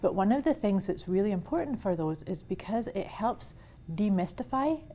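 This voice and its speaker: Mellow-voiced woman hosting a wellness chat. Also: mid-range voice, lively intonation, normal speed, slight background noise. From Canada. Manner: enthusiastic, frequent restarts. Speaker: host. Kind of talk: casual conversation on wellness.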